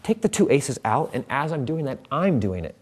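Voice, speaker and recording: A man's voice: medium pitch, sing-song, moderate pace, a little mellow, husky. A man teaching a card trick in a casual tutorial, chatting as he handles the cards.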